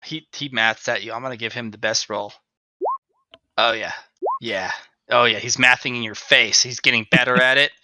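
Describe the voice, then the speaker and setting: A man running a tabletop game as game master, narrating in an animated, jokey way. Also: medium pitch, moderate pace, slight background noise, low-quality recording.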